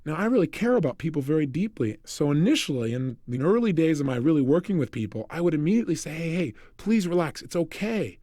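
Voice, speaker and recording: A self-help coach speaking to the listener in an energetic, direct recorded lecture. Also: male voice, on the high side, fast talker, hardly any pauses, dry recording, studio quality.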